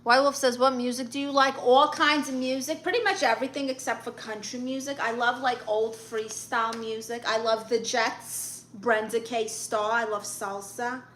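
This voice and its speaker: Sassy bright-voiced woman live-streaming. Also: fairly high pitch, fairly even intonation, normal speed, few pauses, a little hiss or hum. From Puerto Rican and Guatemalan family. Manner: sassy, blunt comebacks to chat comments. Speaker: livestream host reading viewer comments. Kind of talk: casual live-stream chat.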